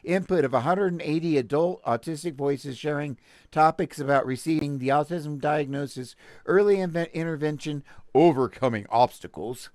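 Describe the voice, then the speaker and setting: A man's voice: a little high, moderate pace, darkish tone, dry recording, clean studio sound. Sarcastic Texan man reading the news. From Texas, US. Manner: sarcastic, self-interrupting, stumbles while reading aloud. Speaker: podcast host. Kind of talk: casual commentary reading a news article.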